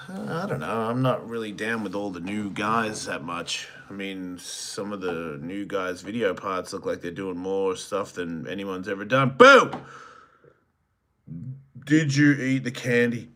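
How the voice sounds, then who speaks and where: A man's voice: on the low side, a little slow, few pauses. A man hosting a solo livestream, reading viewer chats aloud and answering them with crude joking banter that sometimes trails off into mumbles. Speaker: podcast host.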